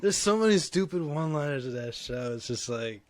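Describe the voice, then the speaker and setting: A man's voice: on the high side, animated, brisk, dry recording. A man co-hosting a podcast in casual chat, chuckling often between his remarks. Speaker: podcast co-host.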